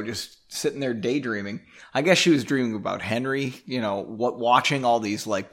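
A man reads his own fantasy chapter aloud, then drifts into loose, self-mocking commentary. His voice sits mid-pitch and swings up and down lively as he talks, and he breaks into laughter at his own writing. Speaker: author reading his own story. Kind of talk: casual storytelling with rambling commentary.

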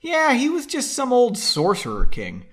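A man's voice: very high-pitched, wildly swooping pitch, measured pace, a bit bright, pitched above the performer's own voice, exaggerated voice. A man doing a curt, dismissive woman. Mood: breezy. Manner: offhand, curt replies. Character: dismissive young woman traveler, unbothered.

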